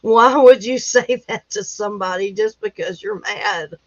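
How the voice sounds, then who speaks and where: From a rural home, a woman hosts a casual livestream, reading news headlines aloud amid lots of laughter and folksy exclamations. Her voice is medium-pitched and a little slow, and the audio is dull with no room sound.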